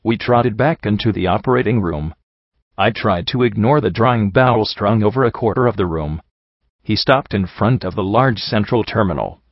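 A man reading a first-person story aloud in a measured, somber way, in a dull, dry home recording. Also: fairly low pitch, no echo. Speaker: audiobook reader.

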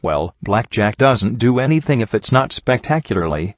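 A blunt, dry-witted pony mare speaks matter-of-factly, as a man puts her on. The voice is low for a mare. The recording is dead dry and slightly muffled. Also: big pitch swings, moderate pace, no room sound. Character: blunt, snarky adult female pony mare. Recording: dull, dry home recording.

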